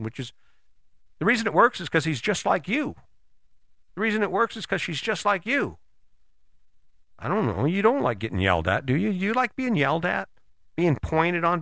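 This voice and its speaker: Man with a bright, dry voice, motivational speaker coaching the listener directly, animated. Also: fairly high pitch, gravelly, no echo. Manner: animated, acts out imagined dialogue. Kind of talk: motivational monologue.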